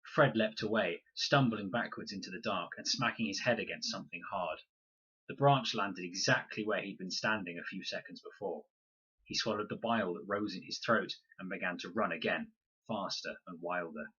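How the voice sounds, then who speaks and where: A man reading a children's novel aloud in measured, expressive storybook narration. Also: sits low, breathy edge, dull audio. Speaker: reader.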